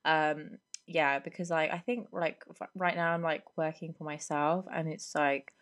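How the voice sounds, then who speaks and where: Low, hoarse young woman. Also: fairly even intonation, a little slow, fairly bright tone. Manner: rambling and chatty, many fillers. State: hoarse from a cold. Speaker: podcast host. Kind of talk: casual solo podcast chat. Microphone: podcast microphone.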